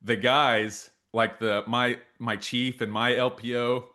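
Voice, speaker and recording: A man in his thirties co-hosting a podcast, telling stories in casual chat and acting out the quotes loudly. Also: mid-range voice, slow. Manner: animated storyteller, acts out quotes loudly. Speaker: podcast co-host.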